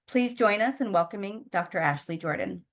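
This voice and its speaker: A woman's voice: mid-range voice, lively intonation, moderate pace. A woman, an assistant professor and session co-chair, politely introducing a speaker at an online conference. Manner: polite and formal, reading from a prepared script.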